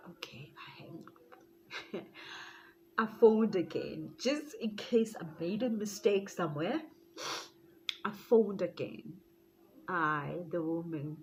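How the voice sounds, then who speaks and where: A South African woman telling a story to camera in a casual vlog. She is animated, laughs often and slips into Zulu phrases. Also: medium pitch, slow pace, pauses often, slight background noise, rough recording. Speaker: YouTuber.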